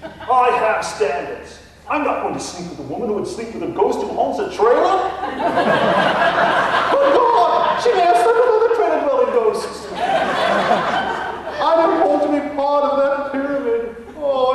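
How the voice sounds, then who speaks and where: A man's voice: very high voice, noisy background, pitched above the performer's own voice. A man putting on a pompous English ghost. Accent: put-on English, Texan trying to sound English. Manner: pompous, dramatic and wailing. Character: fussy ghost of a snobbish Englishman, male. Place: contest stage in a hall. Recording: echoey hall from far off.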